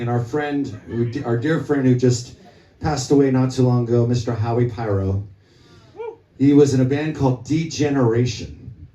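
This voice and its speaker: A male musician spins a loose, profane story between songs at a small club gig. His voice is dark and mellow and sits back from the mic. The room's echo rings around every word. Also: mid-range voice. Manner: profane, rambling anecdote told to the crowd. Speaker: musician on stage. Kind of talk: onstage storytelling at a live gig. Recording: echoey club, from a distance.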